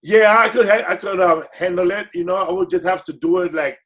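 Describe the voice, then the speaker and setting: A man's voice: sits high, a little fast, a bit bright. A man guest comedian telling stories in a casual, rambling way, correcting himself as he goes and slipping into Spanish phrases. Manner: laid-back, rambling, self-correcting, slips into Spanish phrases. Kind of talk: casual storytelling.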